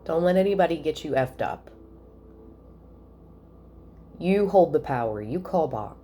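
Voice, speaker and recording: A woman giving a casual spiritual reading at home, chatty and thinking out loud with soft asides. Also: sits low, lively intonation, measured pace, pauses often, slightly rough. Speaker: tarot reader.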